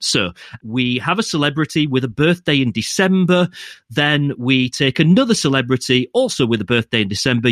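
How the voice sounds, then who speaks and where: Playful male podcast host, lively and dry. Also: mid-range voice, no room sound. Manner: giggly, playful quiz-master. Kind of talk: casual podcast chat.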